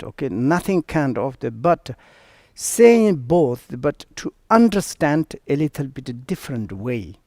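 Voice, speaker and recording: A man whose first language is Tibetan, giving a Buddhist teaching in halting English, pausing and searching for words. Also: medium pitch, no room sound, clean studio sound. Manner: relaxed, with many fillers and asides. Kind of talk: online dharma teaching.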